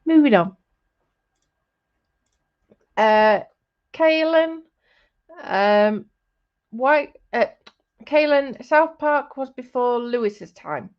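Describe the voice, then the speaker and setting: A woman's voice: fairly high pitch, lively intonation, extremely slow, long pauses, clear, resonant tone. A woman hosting a casual crafting livestream, teasing her partner and reading out chat comments. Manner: teasing, chatty, breaks into laughter. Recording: dull lo-fi stream audio.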